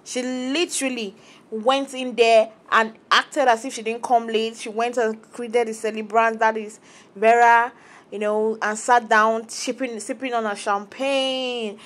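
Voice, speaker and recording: Brief: young woman, reality TV reaction vlogger, chatty and opinionated, voice on the higher side. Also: a little slow. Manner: chatty, opinionated, animated quoting of cast members. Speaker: reality TV commentator. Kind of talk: casual reaction vlog.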